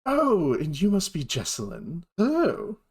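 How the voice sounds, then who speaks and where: A man's voice: high-pitched, huge pitch swings, a little slow, a little mellow, husky, pitched above the performer's own voice, heavily acted. Man doing a genteel old dragonborn mentor. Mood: warm welcoming. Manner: genteel, welcoming. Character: kindly old male dragonborn mentor, polite and curious.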